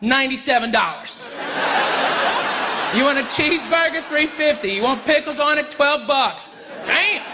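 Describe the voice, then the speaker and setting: A man doing a stand-up routine, shouting his punchlines. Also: very high voice, moderate pace, pauses often. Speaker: stand-up comedian. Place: comedy club stage. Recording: loud crowd and hall noise.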